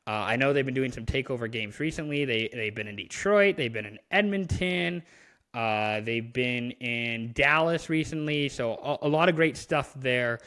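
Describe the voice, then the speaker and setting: A Canadian man co-hosting a podcast speaks at normal speed in a medium-pitched, slightly bright voice. The conversation is casual hockey chat, rambling and peppered with fillers and restarts.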